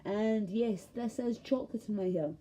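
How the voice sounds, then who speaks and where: A woman's voice: mid-range voice, moderate pace, warm tone, slight background noise. A Scottish woman ranting to camera in a heated, rambling way, swearing and cutting herself off mid-thought. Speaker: vlogger. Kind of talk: casual ranting monologue to camera.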